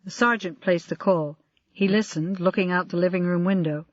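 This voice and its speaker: An audiobook narrator reading a crime novel in an even, measured way. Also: medium pitch, dry recording. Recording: dry, slightly dull lo-fi audio.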